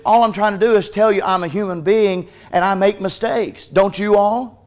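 A male pastor preaching a sermon in a church, swinging between hushed, tender passages and loud, urgent ones, with frequent restarts. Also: high voice, steady tone, moderate pace. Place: church sanctuary.

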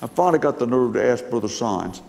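A man's voice: mid-range voice, expressive, fast talker, vocal fry, a little mellow. An older man preaching, telling stories in a folksy, emphatic way. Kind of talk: sermon storytelling. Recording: long hall reverb.

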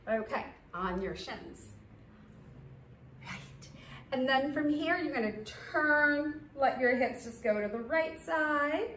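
A woman teaches a parent-and-baby yoga class, calling out poses at an easy, unhurried pace and slipping into sing-song baby talk. Her voice sits high. The sound is echoey and a little distant, as if picked up across a studio. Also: expressive, a bit bright, slight background noise. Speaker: yoga instructor.

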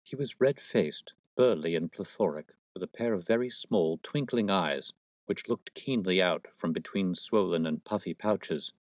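A man narrates a storybook in a steady, measured way. His voice is very low, and the close-miked sound is completely dry. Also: no room sound. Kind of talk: storybook reading.

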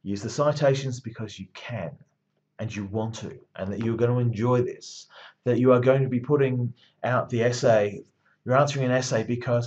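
A man at a middle pitch delivers a university lecture like a pep talk, stacking repeated phrases. He pushes his points with steady emphasis. The recording sounds dull and lo-fi. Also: moderate pace.

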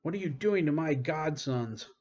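A man reading an audiobook, voicing a gruff, blustery grown man who barks and snaps sarcastically. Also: mid-range voice, big pitch swings, moderate pace, highs cut off. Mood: sarcastic. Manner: barking, sarcastic.

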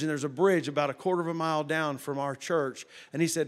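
A middle-aged man preaching a sermon as a folksy, animated storyteller who drops to a hush for quoted voices. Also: a little high, quick pace, hardly any pauses. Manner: folksy, animated, with loud sound effects and hushed quoted voices. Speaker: pastor.

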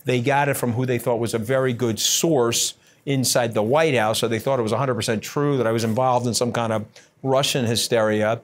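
A brash man gives blunt, combative answers in an interview. His voice sits at an everyday middle pitch and he talks in uneven bursts, full of fillers and restarts. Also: steady tone, brisk. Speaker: interview guest.

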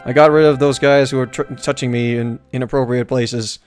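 A man's voice: medium pitch, fairly even intonation, a little fast, darkish tone, soft background music. Joking man streaming a game. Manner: joking, rambling, mild swearing. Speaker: let's-play streamer. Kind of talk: casual live gameplay commentary.

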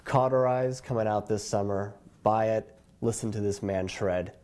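Mellow low-voiced male interviewer. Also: moderate pace. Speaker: interviewer host. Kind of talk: interview questions.

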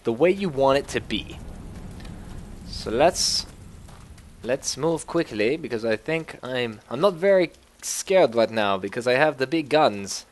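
A man hosting a gameplay video, talking through his game in a joking, self-mocking way with sudden excited yelps. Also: medium pitch, a little slow. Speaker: gaming video host. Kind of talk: gameplay commentary.

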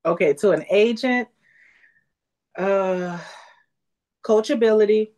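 A woman's voice: mid-range voice, slow pace, a little mellow. A woman insurance agent speaks earnestly on a video call, her voice sitting in an ordinary mid range. She sounds heartfelt and motivational as she answers the host's questions. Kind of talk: interview answers.

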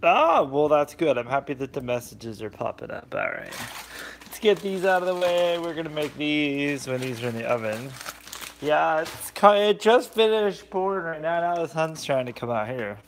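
A man chatting on a live cooking stream, greeting viewers by name with sudden animated bursts, recorded on a phone on a selfie stick in a home kitchen. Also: on the high side, moderate pace, slight background noise.

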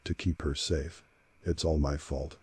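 Super deep guy narrating a creepy story, flat and mellow, quiet music behind. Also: unhurried, slight background noise. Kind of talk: scripted first-person horror narration. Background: faint background music.

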